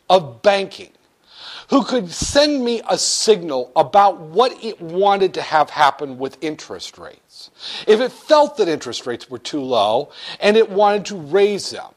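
A man teaching a finance class, explaining ideas with jokes and loud shouted asides. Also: high voice. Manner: lively and joking, with sudden shouted asides. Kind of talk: classroom lecture.

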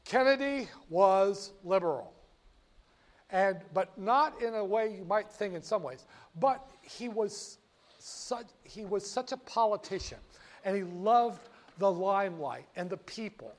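Older guy telling history stories, high voice, folksy and animated, fixes himself mid-sentence. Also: unhurried. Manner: animated, folksy, self-correcting. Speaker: storyteller. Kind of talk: casual historical storytelling.

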